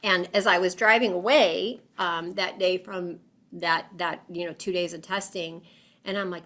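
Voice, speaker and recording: A woman talks through a personal story as an interview guest. Her voice is bright and forward, and she leans on fillers. She animates her account by acting out the quoted voices. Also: lowish voice, fairly even intonation, normal speed.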